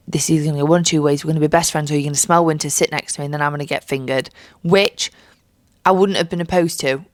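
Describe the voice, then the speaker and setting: A woman's voice: low voice, fairly even intonation, quick pace, no room sound. A young woman with a stuffy cold, tired and jet-lagged, chatting from her bed in a sweary, jokey way. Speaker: podcast host. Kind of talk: casual chat. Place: bedroom.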